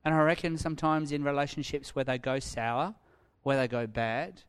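Animated man preaching a sermon. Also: a little high, normal speed, clean tone. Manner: animated storytelling, swinging from loud to hushed. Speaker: pastor.

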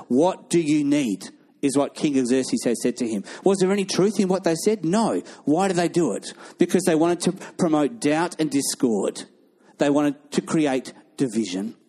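A male pastor preaching a sermon, animated and acting out the voices of people in his stories. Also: on the high side.

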